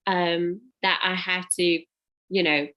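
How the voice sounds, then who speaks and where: A woman's voice: lowish voice, steady tone, slow, dull audio. A woman in her forties from South Africa, Afrikaans by first language, speaking English with a South African accent in a chatty conversational interview, full of fillers and restarts. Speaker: interview guest.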